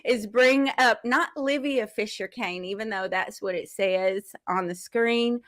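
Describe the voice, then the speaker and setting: A woman hosting an online summit on a video call, effusive and quick to laugh and praise. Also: medium pitch, fairly bright tone. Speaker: event host. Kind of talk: upbeat livestream hosting.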